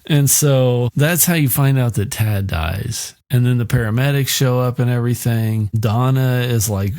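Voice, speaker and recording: A man's voice: medium pitch, normal speed, a little mellow, no echo. A man hosting a podcast, casually recapping a book with a lot of swearing and jokes. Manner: profane, joking, rambling. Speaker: podcast host.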